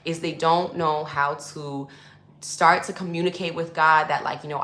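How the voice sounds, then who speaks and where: Low-voiced woman coaching in an echoey room. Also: steady tone, fairly quick, fairly bright tone. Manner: loose and conversational, full of fillers, addresses viewers as y'all. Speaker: spiritual coach. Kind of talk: casual teaching monologue to camera.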